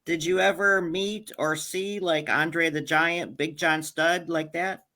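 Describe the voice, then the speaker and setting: A man's voice: a little high, fairly even intonation, slow, sharp tone. A man from Niagara Falls with an upstate New York accent, co-hosting and jumping in with questions. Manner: jumps in with questions, friendly interviewing. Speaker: co-host. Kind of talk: casual chat.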